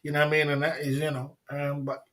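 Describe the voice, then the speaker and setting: A man's voice: fairly high pitch, completely flat delivery, quick pace, fairly bright tone. Rambling streetwise man on a livestream. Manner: rambling, repetitive, streetwise slang. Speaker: livestream host. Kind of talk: casual livestream chat reading viewer comments.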